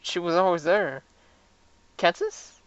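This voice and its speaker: Woman, let's-play reader, lowish voice, self-mocking, stumbles over words, muffled lo-fi. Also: animated, moderate pace, dry recording. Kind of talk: reading game dialogue aloud with commentary. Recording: dull lo-fi.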